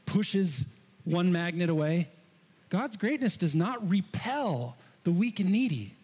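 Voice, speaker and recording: A man preaching a sermon to his congregation, animated, swinging between loud emphasis and hushed asides. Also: high voice, slow, slightly rough. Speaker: pastor. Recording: long hall reverb.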